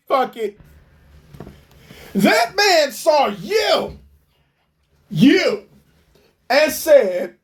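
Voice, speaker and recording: A man's voice: very high-pitched, sing-song, very slow, pauses often. A man giving profane reaction commentary, mocking and incredulous and swearing constantly.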